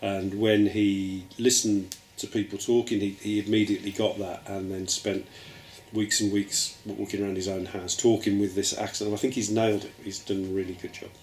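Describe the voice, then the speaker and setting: A television writer from Birmingham, England, speaks in a low, darkish voice with flat delivery at normal speed, giving reflective interview answers. He hedges thoughtfully with "I mean" and "I think," in an echoey space with faint ambient noise.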